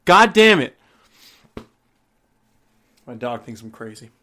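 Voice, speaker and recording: A man's voice: mid-range voice, sing-song, takes it slowly, pushed and bright. A young man telling a profane, exasperated story to the camera and acting out both sides of the exchange. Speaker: vlogger. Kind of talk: casual ranting storytime.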